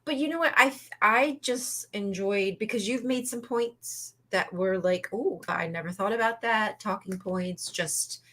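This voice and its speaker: A woman's voice: mid-range voice, measured pace, few pauses, fairly bright tone. A woman co-hosting a casual live-stream chat, sarcastic and chatty, swearing freely.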